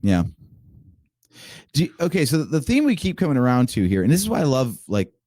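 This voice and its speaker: A man's voice: mid-range voice, huge pitch swings, brisk, warm tone, no room sound, clean studio sound. A man co-hosting a podcast in casual chat, joking around and laying out his thoughts analytically. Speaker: podcast co-host.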